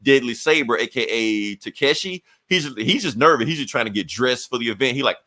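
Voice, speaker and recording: Man, bright tone, podcast co-host, animated comic recap, slips into character voices. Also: medium pitch. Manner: acts out characters' lines in quick voices.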